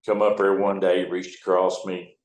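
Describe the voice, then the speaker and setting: Telling profane, homespun stories in an interview, this US towboat captain in his seventies speaks in a low, level voice at a moderate pace. The room is echoey and the audio is poor.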